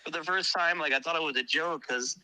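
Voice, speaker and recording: A man who is a guest musician, telling tour stories in a casual interview, animated and swearing freely. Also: on the high side, brisk, poor audio.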